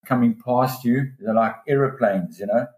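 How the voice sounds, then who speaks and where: A man telling a long diving story in a casual interview, lively and excited when he quotes others. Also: moderate pace. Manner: animated, pitch jumps when quoting others. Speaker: dive guide telling a story. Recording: roomy echo.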